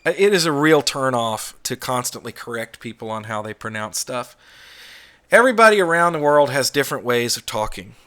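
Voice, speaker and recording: A man's voice: medium pitch, expressive, fairly quick, a bit bright. Blunt, opinionated American man ranting. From United States. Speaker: YouTube channel host. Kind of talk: casual monologue vlog.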